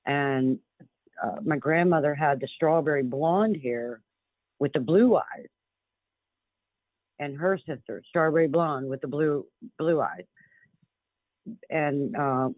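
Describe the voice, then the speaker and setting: Male caller, rambling and sincere, slightly high voice, thin phone-line sound. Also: slow pace, pauses often, dry recording. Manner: rambling, earnest, with many restarts. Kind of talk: casual storytelling on a talk radio show. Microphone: telephone.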